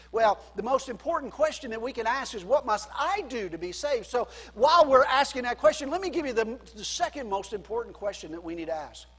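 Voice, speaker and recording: High-voiced pastor preaching in a hall. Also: male voice, husky. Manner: preaching with wide swings from loud emphasis to quiet drops. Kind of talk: sermon.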